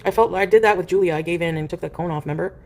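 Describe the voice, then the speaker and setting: A woman's voice: fairly low pitch, racing. A woman chatting casually on a livestream, rambling and filling her speech with "like". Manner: rambling, with heavy use of "like"; coos softly to her cat in baby talk. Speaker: streamer.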